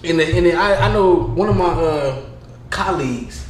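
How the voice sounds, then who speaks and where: Young man, podcast co-host, fairly high voice, animated, profane, casual chat, echoey room, faint noise. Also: moderate pace. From California. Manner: animated, profane storytelling with loud bursts.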